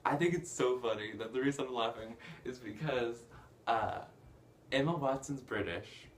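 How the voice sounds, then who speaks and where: A man casually recapping a film plot, rambling with lots of fillers and bursts of excitement. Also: medium pitch, moderate pace, a little hiss or hum. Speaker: movie reviewer.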